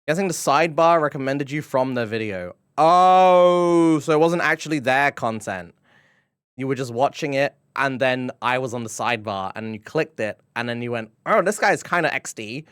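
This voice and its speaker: A man's voice: mid-range voice, normal speed, clear, resonant tone, no echo, studio quality. A man with a British accent chatting playfully with his viewers on a live stream, often breaking into giggles. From Britain. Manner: playful, giggly, reacting to chat.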